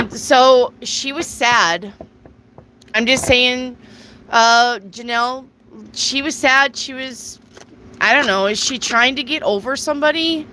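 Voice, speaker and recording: A woman's voice: high-pitched, takes it slowly, sharp tone, slight background noise, rough recording. A woman hosting a casual live tarot reading, chatty, reading viewer questions aloud and answering them. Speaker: tarot reader.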